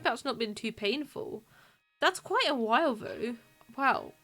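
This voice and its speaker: A woman's voice: fairly high pitch, animated, measured pace, pushed and bright, faint music behind. Chatty, giggly woman streamer. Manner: chatty, giggly, greets chat viewers. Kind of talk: casual let's-play commentary and reading game text. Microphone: desk mic, live stream.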